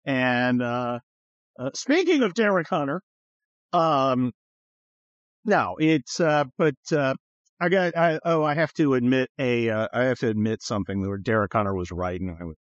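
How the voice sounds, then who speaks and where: A man's voice: medium pitch, animated, normal speed, dry recording, muffled recording. A man hosting a podcast in casual political chat, rambling with many fillers and blunt, profane remarks. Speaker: podcast host.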